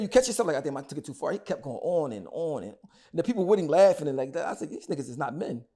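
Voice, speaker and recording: A man's voice: a little high, big pitch swings, rapid-fire, mellow. A man, talking bluntly and heatedly as an interview guest, often repeating words as he goes. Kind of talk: casual interview talk.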